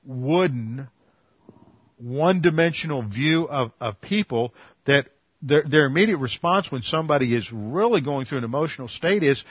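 Earnest male pastor, slightly husky. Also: mid-range voice, expressive, no room sound. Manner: earnest teaching, slows to stress key words. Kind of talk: expository sermon. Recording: dull, lo-fi dry recording.

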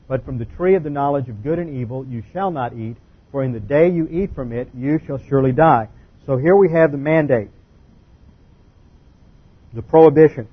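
A man teaching a sermon-style Bible lecture, deliberate and emphatic, stressing key words. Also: on the high side, husky. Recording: muffled lo-fi recording.

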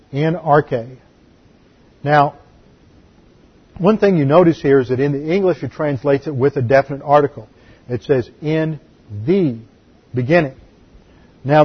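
A man, a pastor, teaching a Bible class in a deliberate, explanatory way and repeating key words. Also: a little high, husky, lo-fi sound. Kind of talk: sermon-style Bible teaching.

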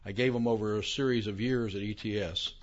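A man's voice: on the low side, fairly even intonation, fairly quick. Older man lecturing, dull lo-fi sound. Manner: conversational, asks the audience questions, self-deprecating asides. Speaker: theology lecturer. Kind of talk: lecture to a live audience. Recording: dull lo-fi recording.

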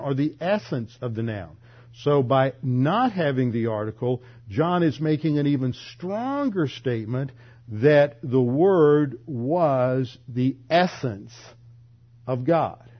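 A man preaching an expository sermon, explaining Bible passages, stressing key words and sometimes stumbling over repeated words. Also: mid-range voice. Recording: slightly dull, muffled sound.

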